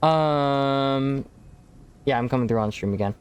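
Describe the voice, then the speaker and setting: A man's voice: medium pitch, unhurried, slight background noise. A young man chatting casually to viewers on a game stream, laid-back and rambling, calling people bro. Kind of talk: casual live-stream chat while gaming.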